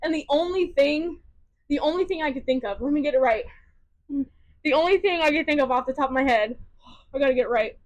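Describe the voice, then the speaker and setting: A young woman with a high voice chats casually on a podcast. She tells her stories in an animated way and laughs often. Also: a little fast, long pauses. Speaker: podcast co-host. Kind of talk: casual chat.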